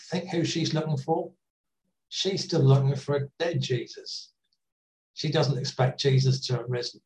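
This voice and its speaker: Male preacher, chatty sermon delivery, mic a little distant. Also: medium pitch. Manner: conversational, gently humorous, with pauses and restarts.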